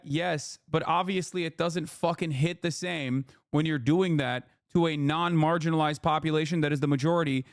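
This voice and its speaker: A man in his thirties rants to his livestream chat, swearing freely and talking down to viewers. His voice sits on the higher side for a man. The sound is dry and close, with no room echo. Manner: heated, profane, lecturing chat. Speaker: streamer. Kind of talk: livestream commentary.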